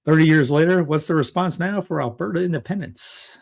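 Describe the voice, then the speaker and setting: A man from Toronto hosting a casual political commentary show, rambling and excitable, often restarting and laughing. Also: a little high, a little fast, gravelly. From Toronto, Canada. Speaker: podcast host.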